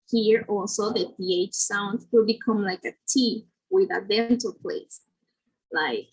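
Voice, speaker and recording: A woman explains pronunciation rules in a phonetics lesson, pausing on fillers as she goes. Her voice sits fairly high and has a breathy, husky edge. She takes her time, speaking slowly and carefully. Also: rough recording.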